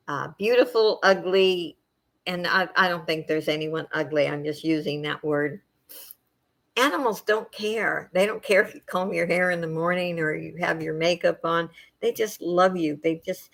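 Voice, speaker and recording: A middle-aged woman hosting a casual chat with her viewers, soft-spoken and emotional, wandering from thought to thought with many fillers. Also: on the low side. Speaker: channel host chatting with viewers.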